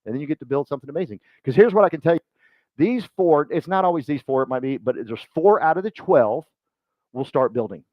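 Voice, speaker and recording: A man's voice: fairly high pitch, animated, fast, no room sound, lo-fi sound. Rambling, joking man with a drawl. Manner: rambling, self-mocking, acts out quoted voices. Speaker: speaker at a business meeting. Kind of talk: loose, joking motivational talk to a room.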